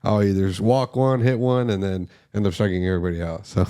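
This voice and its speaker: A man in a casual podcast chat, recounting events in a relaxed way. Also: on the low side, fairly quick, clean tone.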